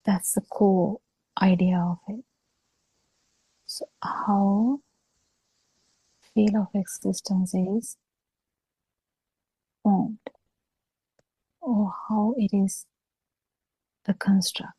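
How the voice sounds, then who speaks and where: Slow, gravelly-voiced woman teaching calmly. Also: medium pitch, no room sound, low-quality recording. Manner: slow, halting explanation with frequent pauses. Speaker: Buddhist teacher. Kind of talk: dharma talk on a video call. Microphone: video call.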